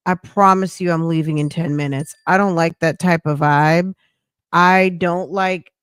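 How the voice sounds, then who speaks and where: Casting: woman, streamer host, sharp mocking reactions, dry close sound. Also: fairly low pitch, clear, resonant tone, dry recording. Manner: blunt, mocking, talks back at the clip. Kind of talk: casual reaction commentary.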